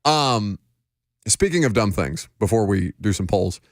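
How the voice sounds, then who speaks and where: A man's voice: on the low side, expressive, a little slow, dry recording, studio quality. A man hosting a sports radio show, talking in a wry, teasing, chatty way. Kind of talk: casual sports radio banter.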